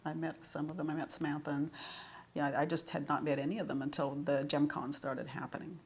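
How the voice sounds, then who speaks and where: A woman's voice: low voice, little pitch movement, fairly quick, breathy edge. A woman, who wrote for the series, chatting through anecdotes in a retrospective interview and laughing often. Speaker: series writer.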